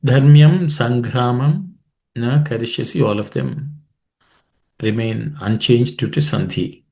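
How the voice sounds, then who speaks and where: A man leading a scripture study class, explaining the meaning and pronunciation of verses in a measured way with many fillers. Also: lowish voice, creaky, mellow. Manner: chants Sanskrit verses quickly.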